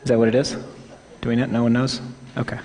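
A man's voice: mid-range voice, little pitch movement, fast talker, a little mellow. A man in his forties with a Midwestern accent, preaching a sermon in a candid, self-deprecating, conversational way. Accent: Midwestern American. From American Midwest. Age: 40s. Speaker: pastor. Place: church hall. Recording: long reverb of a church hall.

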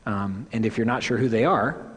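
In a church sanctuary thick with long reverb, this pastor in his 40s preaches sincerely and informally, fixing his own phrasing as he speaks. He talks at a moderate pace in a lowish voice with a breathy edge.

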